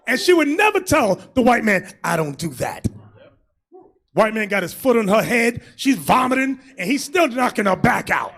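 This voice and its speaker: Loud laughing bishop with a high voice. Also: male voice, very animated, moderate pace. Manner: shouting, laughing, switching to mocking voices. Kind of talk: loud crude preaching.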